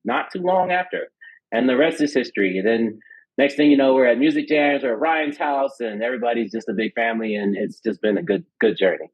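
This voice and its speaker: A man's voice: mid-range voice, a little fast. Enthusiastic man telling a story, lo-fi. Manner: excited, storytelling. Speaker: guest. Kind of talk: casual podcast chat. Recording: dull lo-fi sound.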